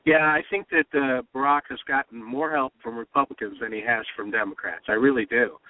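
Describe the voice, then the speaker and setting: A man's voice: medium pitch, fairly even intonation, brisk, no room sound. A man hosting a political talk radio show, emphatic and impassioned, often repeating himself. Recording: dry, phone-like radio sound.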